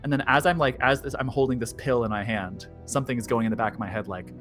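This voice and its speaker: A man's voice: mid-range voice, fairly even intonation, fast talker, a bit bright, faint music behind. A man playing a tabletop role-playing game, rambling through his turn with many restarts. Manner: rambling, full of fillers and restarts, laughing. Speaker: player. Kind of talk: casual tabletop game play.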